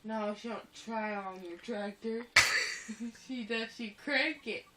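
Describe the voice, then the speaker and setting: Tired high-voiced young woman, rambling. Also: slow, background noise. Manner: drowsy, rambling, bursts into giddy laughing fits. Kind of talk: casual home video chat. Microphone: phone.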